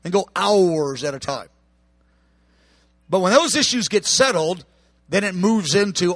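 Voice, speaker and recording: A man preaching a sermon with passion, acting out quoted voices and swinging from hushed tones to shouts. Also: sits high, lively intonation, measured pace, long pauses, dry recording.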